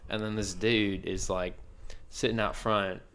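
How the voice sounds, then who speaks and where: A man's voice: lowish voice, little pitch movement, measured pace, fairly bright tone, clean tone. A man co-hosting a podcast, chatting casually and rambling through a story. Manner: rambling storyteller, acts out quotes. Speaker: podcast co-host. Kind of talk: casual chat.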